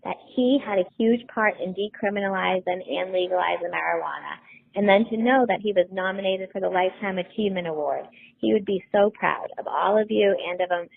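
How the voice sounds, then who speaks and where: A woman's voice: mid-range voice, vocal fry. A woman reading a heartfelt tribute to her late father in an earnest way. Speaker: daughter giving a tribute. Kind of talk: read tribute speech. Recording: tinny phone-like sound.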